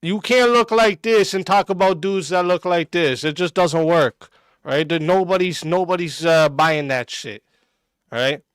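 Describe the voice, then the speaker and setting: A man's voice: sits high, a little slow, smooth, no echo. A man streaming a reaction and ranting back at a clip, aggressive and mocking, cursing constantly. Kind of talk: profane reaction rant.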